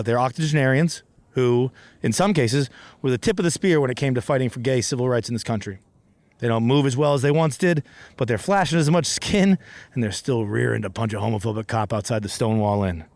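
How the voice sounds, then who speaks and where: A man's voice: mid-range voice, darkish tone, no echo. Male comic host, mid-range voice, loose profane storytelling full of restarts, dry close sound. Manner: rambling, profane, self-deprecating with frequent restarts. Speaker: comedy podcast host. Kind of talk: comedic storytelling monologue. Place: outdoors in a city park.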